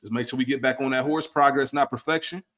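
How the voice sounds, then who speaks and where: A man's voice: medium pitch, steady tone, fairly bright tone. A man co-hosting a podcast in casual chat, emphatic, often acting out what people said to him. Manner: fast, emphatic, acts out quoted people. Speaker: podcast co-host.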